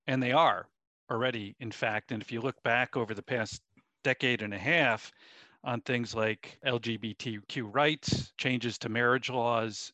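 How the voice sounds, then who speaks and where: A man co-hosting a podcast, responding in a measured, thoughtful way. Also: medium pitch, sharp tone, dry recording. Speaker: podcast co-host. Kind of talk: casual interview chat.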